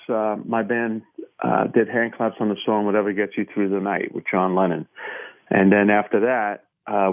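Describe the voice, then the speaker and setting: Man in his 60s on a tinny phone line. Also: on the low side. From Brooklyn, New York. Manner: relaxed, rambling anecdotes with frequent fillers. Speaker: interview guest, drummer. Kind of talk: casual storytelling interview.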